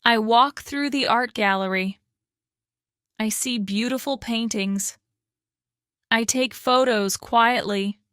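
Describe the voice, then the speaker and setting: A woman reads a slow English lesson for learners, each short sentence set apart with care. Her voice is bright and a little high. The sound is dry and close, with no room around it. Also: clear, resonant tone, no echo. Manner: slow, careful, evenly spaced sentences. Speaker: podcast host and English teacher.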